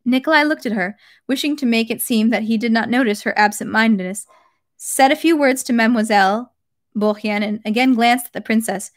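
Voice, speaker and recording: A young woman reading a long classic novel aloud, steady, with occasional slips and restarts. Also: a little high, a little fast. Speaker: reader.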